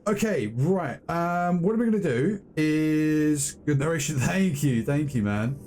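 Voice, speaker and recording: A man's voice: fairly high pitch, expressive, measured pace, darkish tone, a little hiss or hum. A man streaming a fantasy game, chatting casually with viewers and reading quest text aloud. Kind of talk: live gameplay commentary.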